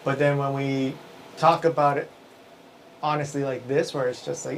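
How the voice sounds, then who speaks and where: A man's voice: mid-range voice, little pitch movement, normal speed, vocal fry, low-quality recording. A man in the middle of his range chats casually as host of a livestream. He rambles, restarts his sentences and often breaks into a chuckle, and a faint hiss sits under his voice. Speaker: live show host.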